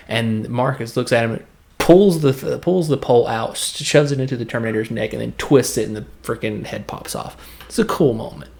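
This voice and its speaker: A man hosting a podcast, casually talking through a film review, rambling and enthusiastic, often restarting and acting out reactions. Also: mid-range voice.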